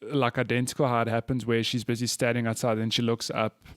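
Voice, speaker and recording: A man's voice: medium pitch, level tone, brisk, a bit bright, clean tone, dry recording. A man co-hosting a podcast in casual chat, chatty and given to swearing and laughing. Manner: chatty, swears and laughs often, many restarts. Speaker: podcast co-host.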